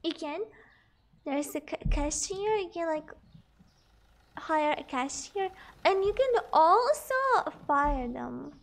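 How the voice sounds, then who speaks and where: Very high-voiced bubbly young woman streamer. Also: lively intonation, slow pace, vocal fry, long pauses. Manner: bubbly, giggly, greets chat and reads numbers aloud. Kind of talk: casual live-stream chat while gaming.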